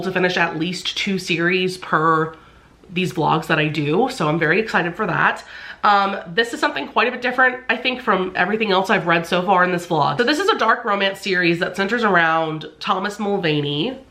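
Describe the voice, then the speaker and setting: A woman's voice: fairly low pitch, pushed and bright. A congested woman chatting casually in a book vlog, full of fillers. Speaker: book vlogger.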